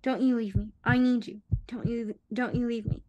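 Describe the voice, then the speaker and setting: A woman's voice: a little high, fairly even intonation, normal speed, dark tone, muffled recording, slight background noise, lightly acted. A woman reading aloud the pleas of a young woman over her dying lover. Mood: desperate. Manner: pleading.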